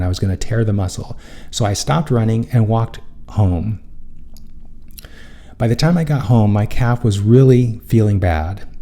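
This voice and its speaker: A man's voice: fairly low pitch, warm tone. A man hosting a spiritual self-help show, telling a personal story in an earnest, rambling way and often correcting himself mid-sentence.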